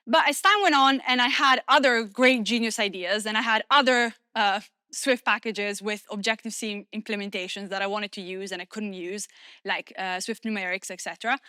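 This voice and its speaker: A woman whose first language is Italian, giving a lively, self-deprecating conference talk in English with many fillers. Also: fairly high pitch, no room sound, clean studio sound. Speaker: conference speaker.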